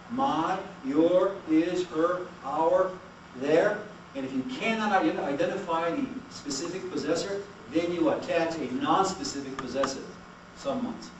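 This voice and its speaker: Male lecturer, animated and questioning, recorded from afar over steady room noise. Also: fairly high pitch. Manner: animated, asks the class questions and has them repeat. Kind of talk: classroom language lecture. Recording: echoey room, mic far off, noisy.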